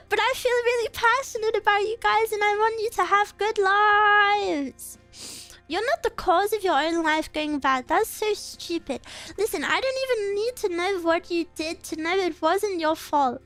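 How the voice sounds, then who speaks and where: A woman's voice: extremely high pitch, fairly bright tone. A woman streamer in a casual live chat, earnestly encouraging her viewers and getting a little choked up. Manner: gets choked up and emotional.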